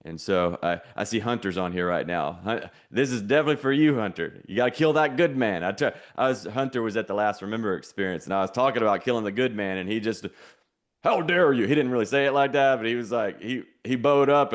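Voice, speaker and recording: A man hosting an online challenge, teaching in a preachy, repetitive way with call-and-response lines. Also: lowish voice. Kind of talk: motivational teaching.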